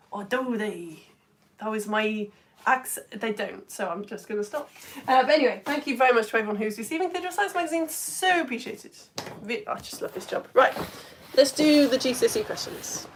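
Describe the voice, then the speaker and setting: A woman physics teacher giving an online science lesson, talking in a chatty, enthusiastic way. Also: a little fast. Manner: chatty and enthusiastic, lively swings in pitch.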